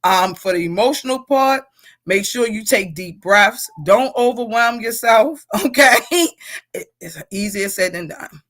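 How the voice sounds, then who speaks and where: A woman's voice: mid-range voice, unhurried. A middle-aged woman leading a casual leadership workshop, reading out comments and laughing with the group. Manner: animated, laughing, talks to the group as y'all.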